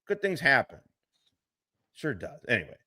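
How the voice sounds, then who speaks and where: A man hosting a reaction stream, talking in a profane, casual way and laughing often. He swings between low mutters and loud outbursts. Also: huge pitch swings, normal speed, husky, dry recording. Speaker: streamer host, military veteran.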